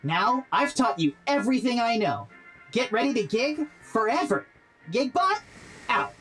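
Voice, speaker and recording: An upbeat, earnest robot gig worker for a game, chipper and eager to please. The voice bounces with animated, lively pitch. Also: female voice, measured pace, faint music behind. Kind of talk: game character dialogue.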